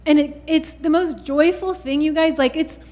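A woman's voice: sits high, normal speed, a little mellow. A woman preaching a fervent sermon, often saying "you guys" and "hallelujah" to the congregation.

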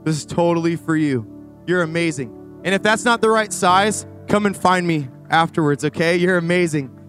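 High-voiced animated male preacher. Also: moderate pace, soft background music. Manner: energetic, animated preaching with rambling asides. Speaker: youth pastor. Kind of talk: sermon. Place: church stage before a congregation.

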